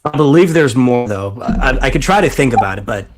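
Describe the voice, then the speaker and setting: Casting: twenties male podcaster, animated storyteller, swears freely. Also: mid-range voice, fairly quick. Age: 20s. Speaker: podcast co-host, voice actor. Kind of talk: casual chat, storytelling.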